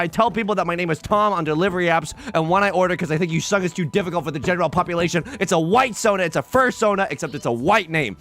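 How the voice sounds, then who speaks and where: A man livestreaming and chatting casually, telling rambling stories full of restarts, swearing and asides. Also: sits high. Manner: rambling animated storytelling with many restarts and swearing.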